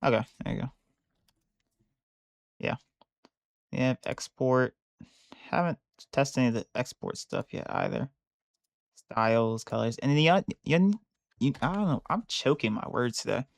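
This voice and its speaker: Gravelly man thinking aloud while working. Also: mid-range voice, steady tone, unhurried, pauses often, no echo. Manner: thinking aloud, rambling with restarts. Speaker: bug bounty hunter streaming a live session. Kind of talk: casual live-stream commentary while working. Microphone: close mic on a headset or desk.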